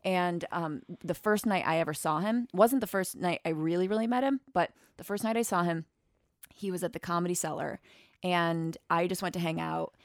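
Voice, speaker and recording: A woman's voice: lowish voice, normal speed, no room sound, clean studio sound. A woman hosting a casual podcast interview, telling stories in a chatty way and laughing easily. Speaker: podcast host.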